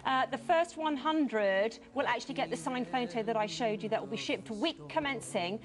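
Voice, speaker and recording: A woman's voice: on the high side, moderate pace, low-quality recording. A woman presenting on a shopping channel, chatty, reading out prices and item numbers. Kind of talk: television presenting.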